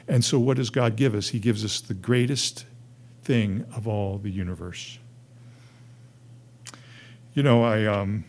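A man preaching a sermon as pastor, earnest, building to emphatic high points and dropping to soft, hushed lines.

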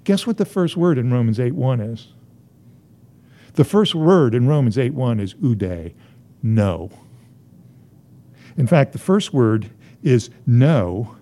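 A man's voice: mid-range voice, expressive, takes it slowly, pauses often, warm tone. A man preaching a sermon as a pastor, driving his points home through emphatic, rising repetition.

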